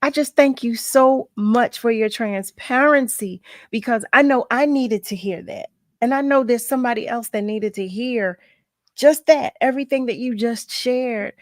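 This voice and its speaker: A woman's voice: on the high side, moderate pace, no echo, clean studio sound. A woman radio host closing an interview, effusive and heartfelt in her thanks. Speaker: radio talk show host. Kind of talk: on-air interview wrap-up.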